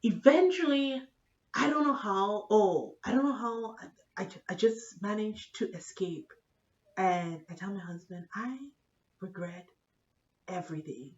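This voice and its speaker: A woman telling a comedic, profane story in an animated vlog style. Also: mid-range voice, measured pace, highs cut off. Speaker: vlogger.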